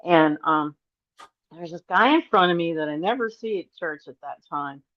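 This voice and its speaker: A middle-aged woman, a podcast guest, telling rambling, animated stories and acting out the voices of the people in them. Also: on the low side, moderate pace, no echo. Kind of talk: casual storytelling interview. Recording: dry, slightly dull audio.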